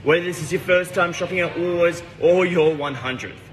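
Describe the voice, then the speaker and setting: A man with a fairly high voice gives a mock closing announcement in a formal announcer tone. His voice rings out with a long reverb, as in a large shop, with faint ambience behind it. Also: a little fast, a little hiss or hum. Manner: hums a jingle, formal announcer tone. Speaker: store announcer parody.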